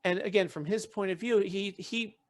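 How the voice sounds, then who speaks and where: Speaking at normal speed in a high-pitched voice, this podcast host recounts a story conversationally. He performs the quoted lines as he goes and often starts his sentences over.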